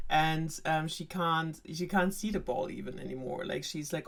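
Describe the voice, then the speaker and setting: A woman's voice: low-pitched, normal speed, hardly any pauses. A young woman with a German accent retells a fairy tale with dry sarcasm. She rambles and pads her lines with fillers. German is her first language. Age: young adult. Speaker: storyteller.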